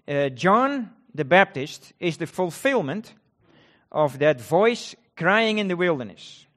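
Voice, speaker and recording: A man preaching a sermon, repeating key words and reading scripture with rising emphasis. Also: on the high side.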